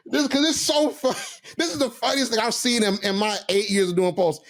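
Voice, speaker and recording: A man's voice: sits high, normal speed, long pauses. A young man co-hosting a sports podcast in casual chat. He laughs often and reads out quotes in a mocking tone. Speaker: podcast co-host.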